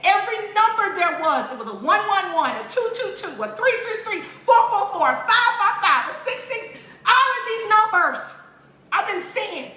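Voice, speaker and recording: A woman's voice: very high-pitched, pushed and bright. A woman giving an emotional, tearful spoken appeal, pleading in a repetitive preaching cadence. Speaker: religious vlogger. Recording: roomy echo.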